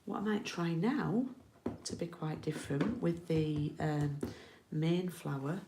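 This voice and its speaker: A woman's voice: low voice, takes it slowly, echoey room, noisy background. A middle-aged woman from the UK giving a casual card-making tutorial, chatty and often checking in with her viewers.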